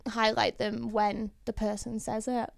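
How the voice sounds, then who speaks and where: High-voiced giggly Yorkshire woman. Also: little pitch movement, unhurried, gravelly, dry recording. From Yorkshire, England. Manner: giggly, rambling. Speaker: podcast co-host. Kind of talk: casual chat.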